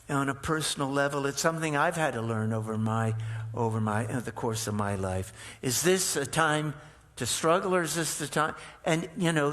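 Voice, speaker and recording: A man, likely a rabbi, giving a slow, reflective sermon that mixes a parable with personal asides and halting restarts. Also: medium pitch, fairly bright tone. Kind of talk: sermon with storytelling. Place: synagogue sanctuary.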